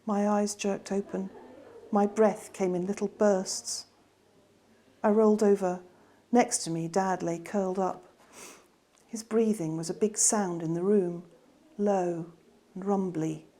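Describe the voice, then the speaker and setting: A woman reading her children's novel aloud in a gentle, expressive way. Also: mid-range voice, slow pace. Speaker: author reading her book.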